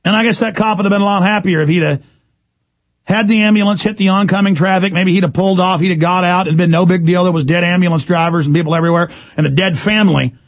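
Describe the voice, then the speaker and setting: A man hosting a talk radio show, delivering an angry, shouting tirade. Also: high voice, fairly even intonation, fast. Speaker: radio host.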